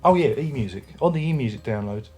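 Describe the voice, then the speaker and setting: Guy rambling about a record at home, kinda mellow dark voice, faint music under it. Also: mid-range voice, lively intonation, fast talker. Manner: rambling, chatty, many restarts. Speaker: music review vlogger. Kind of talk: casual chat. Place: home room with record player and speakers.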